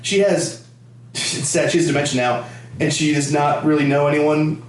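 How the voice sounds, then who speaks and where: Profane comedian telling stories in an echoey room. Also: male voice, on the high side, steady tone, moderate pace. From United States, Connecticut. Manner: loose, profane, rambling with restarts. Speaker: podcast host, comedian. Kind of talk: casual comedic storytelling. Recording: roomy, distant camera-mic audio.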